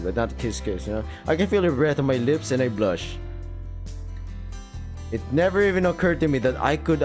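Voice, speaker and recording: A man reading a visual novel aloud and reacting as he plays, excitable, cursing freely and breaking into quick laughing asides. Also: mid-range voice. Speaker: gaming video creator.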